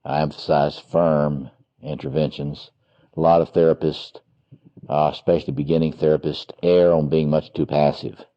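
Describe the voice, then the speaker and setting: A man giving an academic seminar lecture on psychotherapy, halting and full of "uh" fillers and restarts, pressing hard on key points. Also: extremely low pitch, little pitch movement. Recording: dull lo-fi lecture recording.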